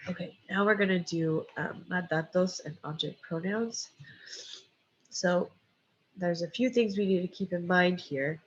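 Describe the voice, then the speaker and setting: A woman's voice: lowish voice, a little slow, slightly rough. A woman teaching a Spanish lesson, explaining step by step with frequent "okay" and "um". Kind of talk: recorded lecture with slides. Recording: dull lo-fi recording.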